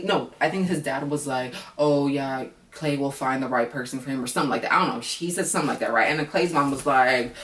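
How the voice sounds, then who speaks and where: A woman's voice: sits low, echoey room, distant mic. A woman who reviews reality TV in a casual vlog, ranting bluntly and with a lot of profanity.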